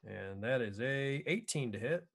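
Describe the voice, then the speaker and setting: A man's voice: mid-range voice, lively intonation, unhurried, gravelly, fairly bright tone, a little hiss or hum. A man player in a tabletop game, calling out his attacks plainly. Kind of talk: casual tabletop game play.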